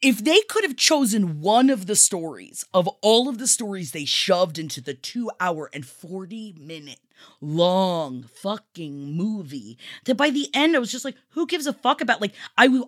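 An excitable podcast host chatting loosely and swearing freely, often mocking others in put-on voices. The pitch sits at an ordinary middle level. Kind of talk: casual comedic chat.

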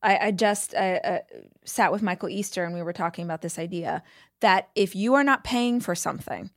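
A woman's voice: on the low side, a little fast, no room sound. Chatty woman podcast host, dry sound. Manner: animated, chatty, swears casually. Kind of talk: casual interview conversation.

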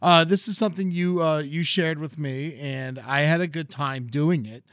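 A man's voice: a little high, normal speed, a bit bright, clear, resonant tone, dry recording, studio quality. A man co-hosting a podcast, telling rambling stories in casual chat. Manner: rambling, meandering storyteller. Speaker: podcast co-host.

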